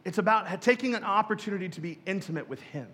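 Joking pastor preaching in a reverberant hall. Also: male voice, high voice, expressive, fast talker, sharp tone, husky. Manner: conversational, joking, acts out prayers in mock voices. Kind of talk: sermon.

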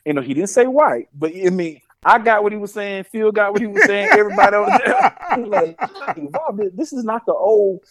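A man co-hosting a sports radio show, telling stories in a lively way about his playing days. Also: high-pitched, brisk, hardly any pauses, a loud crowd. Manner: lively, storytelling. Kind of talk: casual sports talk.

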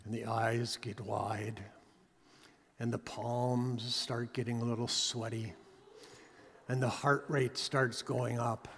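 A man's voice: mid-range voice, little pitch movement, slow, creaky, fairly bright tone, big-room sound, a little hiss or hum. A pastor delivering a sermon with emphatic preaching, his voice rising and dropping for effect.

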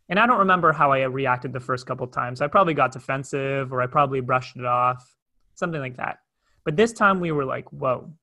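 A young adult man telling a personal story in a candid, conversational way. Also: on the high side. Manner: candid, conversational, animated retelling. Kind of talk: storytelling talk.

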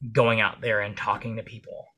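Cop guy on a podcast, bright forceful voice, swears a lot, super animated storyteller. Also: a little fast, husky. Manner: energetic storyteller who swears freely; acts out dialogue in comic high voices. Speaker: police officer and podcast guest. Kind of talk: casual interview chat.

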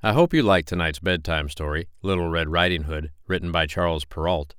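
Man, bedtime storyteller, low-pitched, lively, dry studio sound. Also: fairly quick, clear, resonant tone, no echo. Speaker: bedtime story podcast host. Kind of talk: storytelling narration.

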